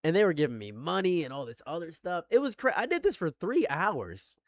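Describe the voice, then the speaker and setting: A man talks casually on a commentary stream, loose and boastful, with plenty of swearing. His pitch is a touch high for a man. The recording is close and dry. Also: huge pitch swings, a little fast, no room sound. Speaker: commentary host.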